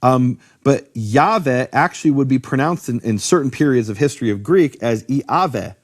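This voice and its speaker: A man teaching in a conversational lecture about biblical names, animated, posing rhetorical questions and often restarting his sentences. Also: medium pitch, normal speed. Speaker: Bible teacher explaining Hebrew names.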